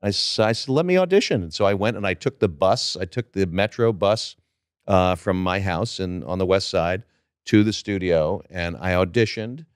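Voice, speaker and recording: A middle-aged man, a guest actor, telling stories from his career in a relaxed interview chat. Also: sits low, normal speed, clean tone, dry recording, clean studio sound.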